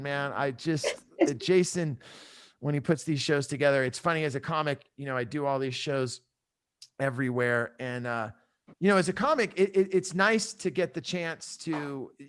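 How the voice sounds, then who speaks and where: A middle-aged man doing a stand-up comedy set over a video call from his home, telling animated stories and acting out the voices of his family. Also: a little high. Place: home room in San Diego. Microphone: headphone mic on a video call. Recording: video call with loud audience laughter.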